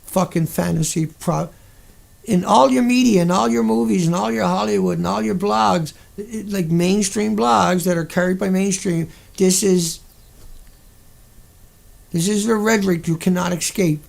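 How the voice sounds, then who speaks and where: A man ranting into his camera, indignant and sarcastic, swearing freely. His voice is high for a man and thick with a gravelly fry. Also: normal speed. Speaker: vlogger. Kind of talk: angry monologue rant.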